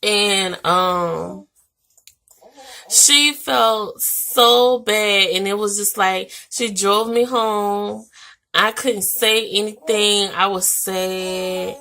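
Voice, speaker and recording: Chatty young woman with a gravelly edge. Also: medium pitch, drawn-out words. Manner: animated, chatty, with "like" and "y'all" fillers. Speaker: vlogger. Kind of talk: casual storytelling to camera.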